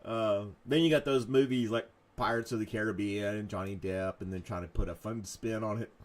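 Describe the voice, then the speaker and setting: A man's voice: on the low side, fairly even intonation, brisk. A man hosting a live morning chat show, rambling and self-mocking, with jokey asides to his dog and to viewers.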